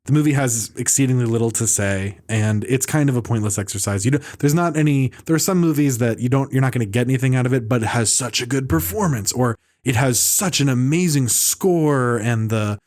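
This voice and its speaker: A man's voice: medium pitch, a little fast, hardly any pauses, darkish tone. A man hosting a casual film podcast, rambling through reviews with restarts, fillers and mocking asides. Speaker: podcast host.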